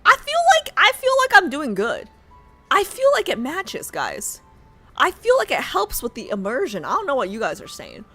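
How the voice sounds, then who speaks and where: A woman livestreamer chatting excitedly with her chat and reading game text aloud in a casual, chatty way. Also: high voice, normal speed, faint music behind.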